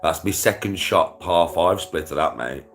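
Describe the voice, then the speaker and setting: A man's voice: deep voice, lively intonation, normal speed, creaky, over music. A man livestreaming casual chat to his viewers, rambling and swearing, with frequent laughter.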